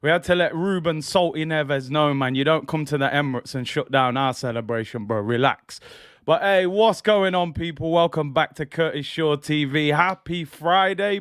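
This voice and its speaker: A young man hosting a lively football fan stream, hyped and playful, shouting out his chat while tired after a late night. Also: on the high side, moderate pace, smooth, no echo, studio quality. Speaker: football channel host.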